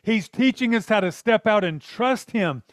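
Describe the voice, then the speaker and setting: A man preaching a sermon in an earnest, conversational way, with quick asides and short laughs. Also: high voice, lively intonation, no room sound, studio quality.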